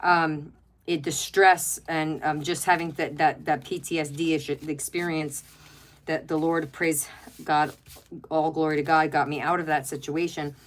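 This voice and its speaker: A woman's voice: deep voice, flat delivery, moderate pace. A middle-aged woman hosting a home craft livestream, chatting casually, rambling and gushing, reading viewer comments aloud. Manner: rambling and chatty, gushes over pets, many fillers. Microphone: webcam.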